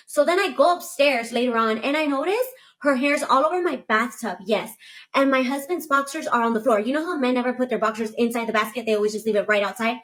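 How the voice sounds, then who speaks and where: Young adult woman, slightly high voice, casual storytelling, animated, acts out quoted dialogue. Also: fast talker. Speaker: storyteller in a played clip.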